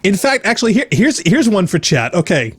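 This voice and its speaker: A man's voice: high voice, very animated, a little fast, slightly rough. A man hosting a let's play, chatting casually, laughing often and reading viewer comments aloud. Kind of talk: casual gameplay chat.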